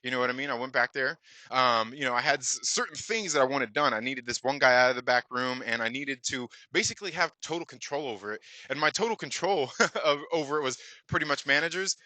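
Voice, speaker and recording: Man, casual storytelling, very bright tense voice, dry close sound, lots of fillers. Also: mid-range voice, fast talker, no echo. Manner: rambling, many fillers, acts out dialogue. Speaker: channel host.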